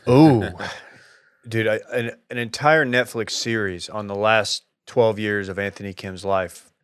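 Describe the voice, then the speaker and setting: Dude cohosting a sports pod, smooth clear voice, jokey and animated, dry close mic. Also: male voice, fairly low pitch, unhurried, no room sound. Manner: animated, joking, laughs often. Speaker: podcast co-host leading the segment. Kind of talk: casual sports chat.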